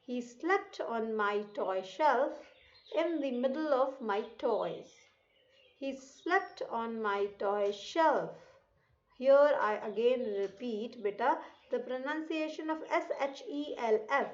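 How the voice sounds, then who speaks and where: An English teacher with an Indian accent reading a passage line by line to young children and drilling pronunciation slowly and carefully. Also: female voice, fairly high pitch, lively intonation, dull audio.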